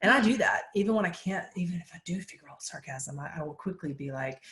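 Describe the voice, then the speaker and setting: A woman's voice: lowish voice, expressive, quick pace, hardly any pauses, a bit bright, reverberant. A woman working as a psychic medium, chatting in a live Q&A, laughing often as she passes on messages. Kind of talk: live Q&A chat.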